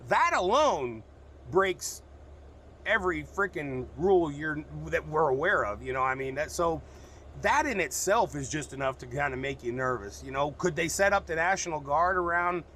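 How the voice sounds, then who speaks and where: A man's voice: fairly high pitch, lively intonation, normal speed, fairly bright tone, slight background noise. A man from the United States, a truck driver, talking frankly and rambling in a casual vlog, with plenty of cussing. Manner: frank, rambling, cusses freely.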